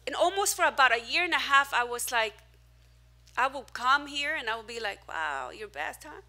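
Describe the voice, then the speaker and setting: A woman pastor preaching to a small evening congregation with a high, bright voice. She talks in an animated, self-mocking way, jumping from loud outbursts to hushed asides. Her sound is sharp and forward. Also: brisk. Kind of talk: sermon. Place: church hall, preaching to a small crowd.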